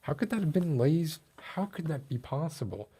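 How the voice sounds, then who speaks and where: A man with a higher, husky voice and a dark tone chats with a live audience while streaming, very animated at normal speed. He rants in mock outrage, his voice climbing as he gets worked up, then laughs at himself.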